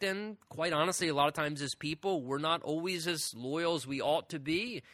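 Guy preaching a sermon, really bright tone, kinda high, dry close sound. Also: dry recording. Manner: earnest preaching, rising emphasis on key words. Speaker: pastor.

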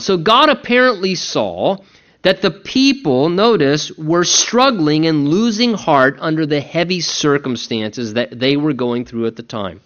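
A man's voice: on the high side, animated, measured pace, fairly bright tone, dull audio. A man preaching a sermon as pastor, earnest, posing rhetorical questions and acting out the people's complaints.

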